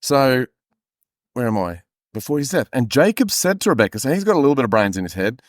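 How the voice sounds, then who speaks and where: A man's voice: medium pitch, very animated, fast, no room sound, clean studio sound. A man co-hosting a comedy podcast who reads aloud and breaks off into crude, joking asides. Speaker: podcast co-host reading the text aloud. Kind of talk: casual comedic chat and reading aloud.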